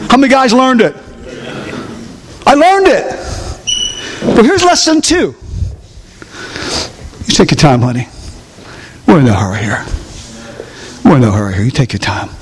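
A man's voice: very high-pitched, lively intonation, unhurried, pauses often, in a large hall, a little hiss or hum. An older man preaching a folksy sermon, often asking the congregation questions. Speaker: pastor.

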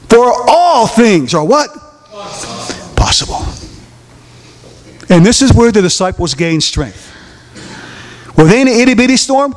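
Man, preacher, very high voice, call-and-response sermon, acts out voices, shouts at peaks, long church-hall echo. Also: sing-song, unhurried, long pauses.

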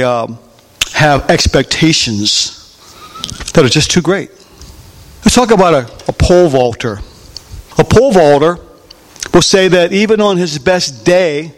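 High-voiced preacher in a reverberant hall. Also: male voice. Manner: animated, call-and-response questions to the congregation. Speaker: pastor. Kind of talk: sermon. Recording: long reverb of a large hall.

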